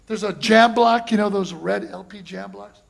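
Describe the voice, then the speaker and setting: High gravelly man telling a story. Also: moderate pace. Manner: animated, acts out other voices with shouts. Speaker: drum clinician. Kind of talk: storytelling at a masterclass. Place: college classroom before an audience.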